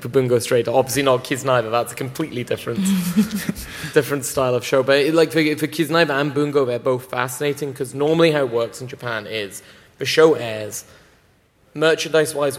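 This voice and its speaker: Man, panel talk, rambling and keen, mid pitch, long hall reverb. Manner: enthusiastic, rambling with many fillers. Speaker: anime distributor panelist. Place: convention panel room.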